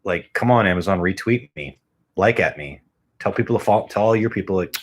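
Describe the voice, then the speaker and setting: Close on a studio microphone, a home podcast host talks in a low-pitched, animated voice at a fairly quick clip. His chat is rambling and profane, with plenty of self-mockery.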